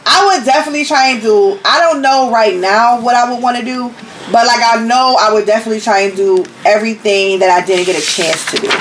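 Young woman, podcast co-host, profane, animated, slightly high voice. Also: a little fast, a little hiss or hum, rough recording. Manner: profane, laughing, animated storytelling. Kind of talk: casual chat.

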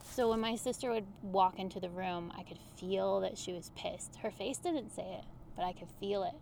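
A woman with a slightly gravelly voice talks animatedly in a relaxed podcast conversation. She explains her coaching ideas through casual everyday examples. Her pitch sits in an ordinary middle range. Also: moderate pace, slight background noise. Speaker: human design coach, podcast guest.

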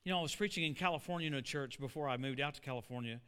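Animated preacher man, bright and ringing. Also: mid-range voice, racing, smooth. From Oklahoma. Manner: animated, storytelling, asking the congregation questions. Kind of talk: storytelling sermon. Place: church. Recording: echoey church hall.

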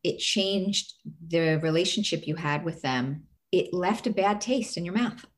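A woman's voice: lowish voice, unhurried. A middle-aged woman coach giving earnest advice in a casual talk, walking through steps with a string of questions. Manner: earnest, explains step by step with rhetorical questions.

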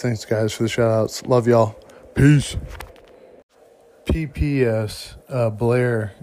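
A man's voice: medium pitch, darkish tone, a little hiss or hum. A middle-aged man hosting a podcast in loose, rambling casual chat with lots of fillers. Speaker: podcast host.

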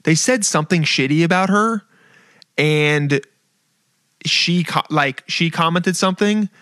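A man's voice: fairly high pitch, measured pace, no room sound. Casual, swearing young man, dry close sound. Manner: animated, swears a lot, acts out quotes. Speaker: podcast host. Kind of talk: casual chat.

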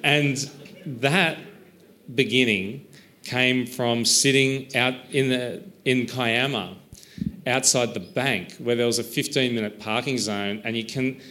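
An author being interviewed, this man talks slowly in a mid-range voice with a sharp tone. His conversation is reflective and self-deprecating, drifting slightly and full of restarts.

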